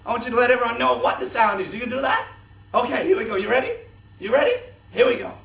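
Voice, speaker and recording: A young man presenting a kids' science show in an exaggerated, excitable host voice. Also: very high voice, very fast, vocal fry. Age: young adult. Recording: echoey room, distant mic.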